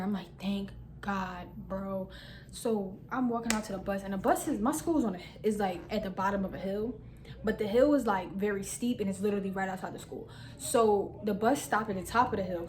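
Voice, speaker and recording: A woman's voice: on the high side, a little mellow, a little hiss or hum. A young woman vlogger telling a funny personal story in slangy casual talk, acting out her own lines. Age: young adult.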